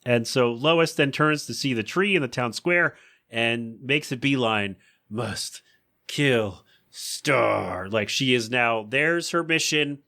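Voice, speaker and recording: Man, podcast host, casual recap, bright tone, playful voices. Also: medium pitch, measured pace. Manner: chatty, acts out quoted lines in funny voices.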